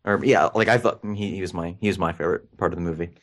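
Deep-voiced joking man, podcast co-host. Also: steady tone, quick pace. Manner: stammering, joking, repeating words. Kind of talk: casual chat.

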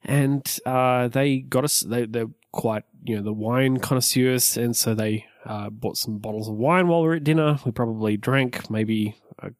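A man's voice: mid-range voice, moderate pace, hardly any pauses, no echo, clean studio sound. A young man co-hosting a podcast, telling stories in a rambling, self-deprecating way. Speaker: podcast co-host. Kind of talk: casual chat.

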